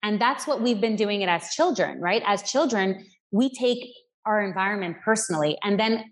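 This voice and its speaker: A woman's voice: medium pitch, expressive, normal speed. A woman parenting coach explaining her ideas earnestly, using everyday examples in conversation. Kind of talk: explanatory interview talk.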